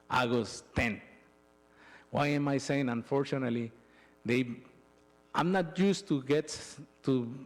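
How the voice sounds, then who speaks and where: Middle-aged man, church testimony, halting emotional storytelling. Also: medium pitch. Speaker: church member giving a testimony. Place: church sanctuary.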